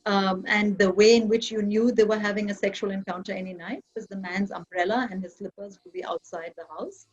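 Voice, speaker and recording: A woman's voice: mid-range voice, fairly even intonation, fairly quick, few pauses, breathy edge, muffled recording. A woman from Kerala, India, speaking on an online panel in a reflective, argumentative academic manner.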